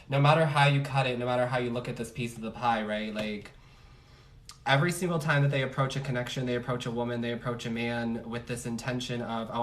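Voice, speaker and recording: A man's voice: mid-range voice, far from the mic. A man giving a casual tarot reading on a livestream, chatty and slangy, joking at his own asides. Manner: chatty, slangy, laughs at himself. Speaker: tarot reader. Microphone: phone on livestream.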